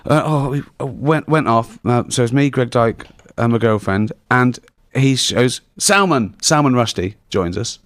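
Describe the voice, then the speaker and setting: A man's voice: medium pitch, measured pace, hardly any pauses, no echo. A middle-aged English man spins loose, rambling anecdotes, stopping and restarting and breaking into laughter at his own jokes. His voice sits in an ordinary middle register and sounds close and dry, with little room around it. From England. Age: 40s. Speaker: comedian guest. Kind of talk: casual anecdotal interview talk.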